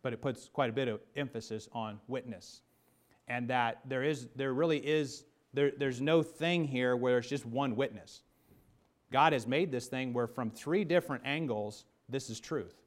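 A man preaching a sermon, rising into emphatic bursts and then dropping low, often restarting words as he builds a point. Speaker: pastor.

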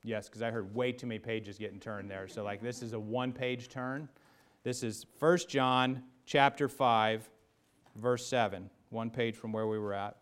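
A man preaching a sermon, rising into emphatic bursts and then dropping low, often restarting words as he builds a point. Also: steady tone, moderate pace, clean tone. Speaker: pastor.

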